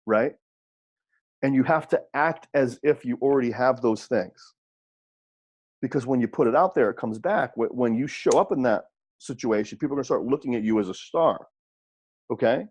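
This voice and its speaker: Husky-voiced man coaching in a seminar. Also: medium pitch, brisk, darkish tone. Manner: checks in with rhetorical questions; repeats points for emphasis. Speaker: wrestling coach. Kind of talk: audio seminar talk.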